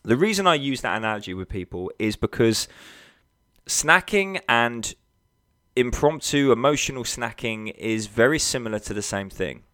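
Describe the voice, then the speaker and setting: A man's voice: mid-range voice, lively intonation, normal speed, pushed and bright, no room sound, studio quality. A man, a nutrition coach talking to his listeners in a casual monologue. He speaks bluntly, swears freely and hits his points with punchy emphasis.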